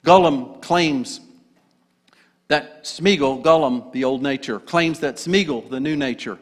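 A man's voice: mid-range voice, measured pace. A male pastor preaching a sermon in an earnest, emphatic way. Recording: echoey hall.

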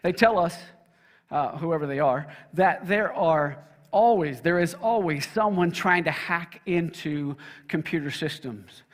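A man's voice: on the high side, a little slow, in a large hall. An older man, a pastor, preaching an emphatic sermon and leading his congregation in call-and-response. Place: church sanctuary.

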